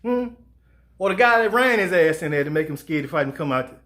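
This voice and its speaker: A man's voice: on the high side, fast. Fired-up man ranting about boxing. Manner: profane, animated, acts out quoted voices. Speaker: sports show host. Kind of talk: heated boxing commentary rant.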